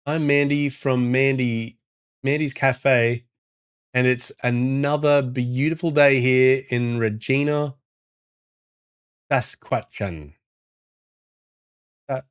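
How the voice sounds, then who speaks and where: A man voicing a cheery woman who runs a small-town cafe, in a sing-song, drawn-out greeting. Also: medium pitch, steady tone, smooth, voice pushed up, natural voice.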